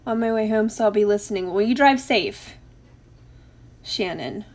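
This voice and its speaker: A woman's voice: medium pitch, lively intonation, normal speed, darkish tone. A middle-aged woman hosting a casual craft live stream, greeting viewers by name and laughing often between remarks.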